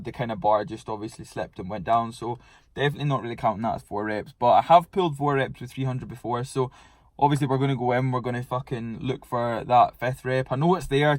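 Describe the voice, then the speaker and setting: A man's voice: mid-range voice, no room sound. A young man chatting casually about his training in a fitness vlog, laid-back and swearing freely. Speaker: fitness vlogger.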